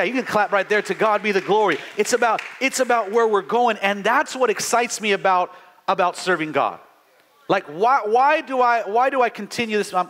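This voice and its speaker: A middle-aged male pastor preaching a sermon in a high, ringing voice that swoops up and down. He talks with fervent energy, tripping over quick restarts before bursting into shouts. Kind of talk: live sermon.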